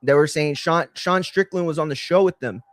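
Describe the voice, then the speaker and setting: A man with a somewhat high voice hosts a live watch-along stream, speaking at a moderate pace with no echo. He chats casually and tells rambling, slang-heavy stories, saying "bro" a lot.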